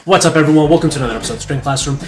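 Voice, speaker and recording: Man coaching in an echoey room. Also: on the high side. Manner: casual, quick explanatory delivery with lists. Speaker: strength coach. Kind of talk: educational talk to camera. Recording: echoey room with faint music.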